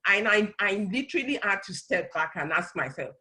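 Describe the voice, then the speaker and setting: A woman's voice: medium pitch, expressive, normal speed, sharp tone, rough recording. A middle-aged woman speaking on a church talk panel, earnestly explaining and often restarting her phrases. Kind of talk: conversational teaching talk.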